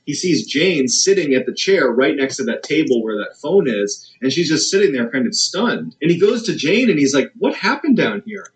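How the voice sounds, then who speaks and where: A man's voice: big pitch swings, normal speed, few pauses, rough recording. A man narrating a dramatic true scary story, building suspense as he goes. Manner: suspenseful, builds tension with rising pitch.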